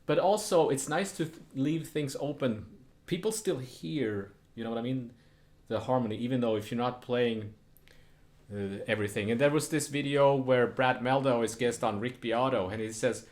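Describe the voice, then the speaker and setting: Relaxed man teaching jazz guitar. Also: mid-range voice, normal speed. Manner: relaxed, thinks aloud between playing examples. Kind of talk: casual spoken guitar lesson. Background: jazz guitar playing.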